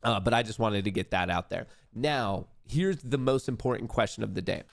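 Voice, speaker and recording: A man hosting a live trading stream, reading out chat votes and yelling in hype when trades win. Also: lowish voice, expressive, moderate pace, vocal fry. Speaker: livestream trading host.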